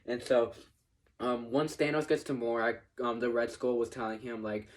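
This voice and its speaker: A man's voice: mid-range voice, little pitch movement, moderate pace. A man giving a casual spoken movie review, talking in a hesitant, rambling way with lots of restarts and the odd swear word.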